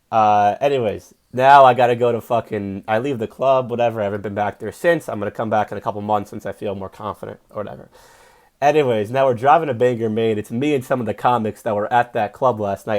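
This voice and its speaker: A young adult man, a comedian, telling a rambling, profane story in a casual monologue and getting loud and fired up when he preaches. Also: mid-range voice. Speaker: comedian and podcast host.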